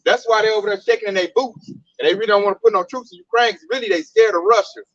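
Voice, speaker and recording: A man's voice: high-pitched, fast, a bit bright, no echo, muffled recording. A man teaching scripture in a casual street-preaching style, blunt and emphatic with lots of slang. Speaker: Bible teacher.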